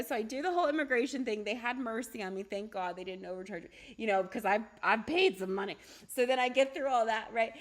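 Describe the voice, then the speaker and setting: A middle-aged woman, a holistic doctor, talking casually on a livestream, chatty and animated, often asking "right?" and laughing. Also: a little high. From United States. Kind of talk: casual livestream talk with storytelling.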